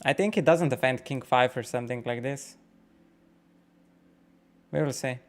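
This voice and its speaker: A man streaming poker, thinking out loud about each hand, swearing often and questioning his own nerves as he talks to his chat. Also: mid-range voice, normal speed. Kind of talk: live-stream commentary while playing.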